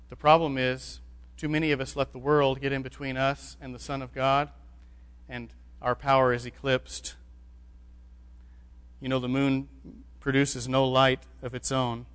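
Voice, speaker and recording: A man's voice: mid-range voice, a bit bright. A man preaching a sermon as pastor, building to emphatic declarations. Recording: long hall reverb.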